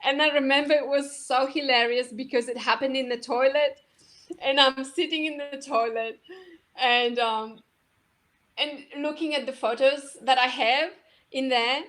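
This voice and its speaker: Woman, high and unhurried, soft halting conversational delivery. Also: steady tone. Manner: soft, halting, many restarts and laughs. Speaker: co-host. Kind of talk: casual spiritual conversation.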